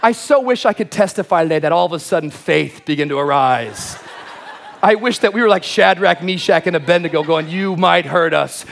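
High-voiced, animated male preacher. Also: brisk, creaky, a little hiss or hum. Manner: lively, animated, acts out shouted quotes. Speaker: pastor. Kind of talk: energetic sermon with storytelling. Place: large church auditorium.

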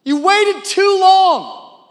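A man voicing Martha, an upset and frustrated grieving woman, pleading loudly in a sermon retelling. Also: very high voice, big pitch swings, very slow, long reverb tail, pitched above the performer's own voice, heavily acted.

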